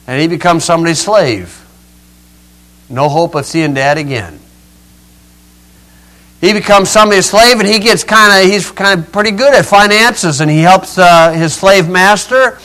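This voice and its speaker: An older male preacher retelling a scripture story in a folksy, dramatic way, swinging between loud rises and quiet drops. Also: high-pitched, low-quality recording. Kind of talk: storytelling sermon.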